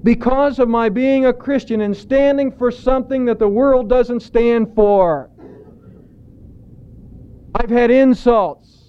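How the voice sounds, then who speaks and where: Slow, high-voiced preaching man. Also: clear, resonant tone, dull audio. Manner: deliberate preaching with stretched emphatic words. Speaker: pastor. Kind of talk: sermon.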